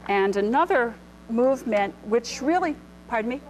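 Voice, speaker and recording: A middle-aged woman with a high-side voice and lively intonation presents clothing history to a live audience in a lecture room, at a moderate pace. Her informal illustrated lecture is chatty and full of ums and restarts, and the low-quality recording carries a slight hiss or hum.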